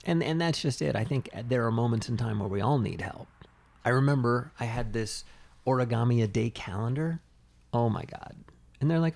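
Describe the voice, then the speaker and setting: Male podcast co-host, gravelly, easygoing storyteller. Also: mid-range voice, expressive, fairly quick, darkish tone. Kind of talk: casual chat.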